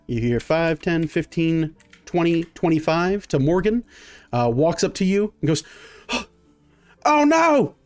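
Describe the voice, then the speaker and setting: A man's voice: a little high, darkish tone. A man running a tabletop game as dungeon master, narrating vividly with many fillers.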